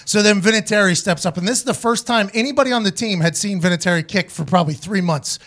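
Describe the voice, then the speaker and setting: A man's voice: high voice, quick pace. A man hosting a casual podcast, telling stories with lots of swearing and acting out quoted voices along the way. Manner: profane, animated storyteller doing quoted voices. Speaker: show host, former punter.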